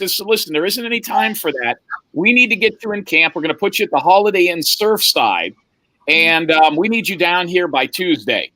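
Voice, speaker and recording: Animated husky man telling a wild story. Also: high voice, normal speed, dry recording, low-quality recording. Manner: animated, swears freely, acts out other people's lines. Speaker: podcast guest. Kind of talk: casual storytelling.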